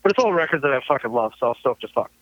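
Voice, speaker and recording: A man's voice: medium pitch, very fast, no echo. Laughing man telling road stories. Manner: laughing, swearing, animated anecdotes. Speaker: guest musician. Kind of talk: casual storytelling. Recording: dull lo-fi sound, dry.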